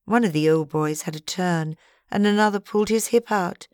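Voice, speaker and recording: Woman doing a gossipy female friend in a storybook reading, higher and lively, dry close recording. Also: normal speed, clean tone, dry recording, lightly acted.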